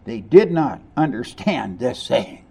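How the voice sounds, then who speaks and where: Slow, animated preaching man. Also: mid-range voice, creaky, husky. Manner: animated preaching, swinging between hushed and emphatic; rhetorical questions to the congregation. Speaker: pastor. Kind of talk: sermon.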